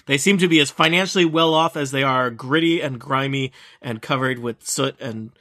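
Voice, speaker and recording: Bright-voiced man running a tabletop game. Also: mid-range voice, moderate pace. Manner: hesitant, many fillers and restarts. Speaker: game master.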